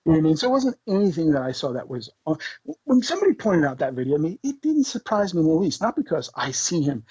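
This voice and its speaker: A man, a podcast guest, telling tour stories in an animated, swearing, laughing way. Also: a little high, quick pace, breathy edge, no echo, dull audio. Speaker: podcast guest, band member. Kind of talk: casual storytelling.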